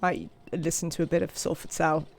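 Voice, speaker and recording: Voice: mid-range voice, steady tone, fairly quick. Chatty English live game streamer. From England. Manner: chatty, greets viewers and scolds game characters. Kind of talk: live video game commentary.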